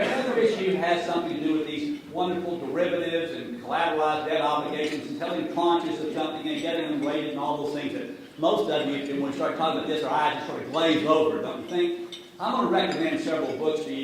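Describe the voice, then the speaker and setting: Sarcastic man lecturing in an echoey hall. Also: fairly high pitch. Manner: sarcastic, jokey, addresses the audience directly. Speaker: speaker giving a talk on finance. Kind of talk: sarcastic lecture to a live audience. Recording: echoey hall from far off, noisy.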